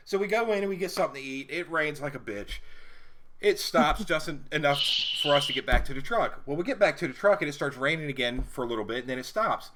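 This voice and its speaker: A man's voice: a little high, expressive, fast talker, fairly bright tone, a little hiss or hum. A young man co-hosting a casual live stream, telling a profane road-trip story between laughs. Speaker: co-host.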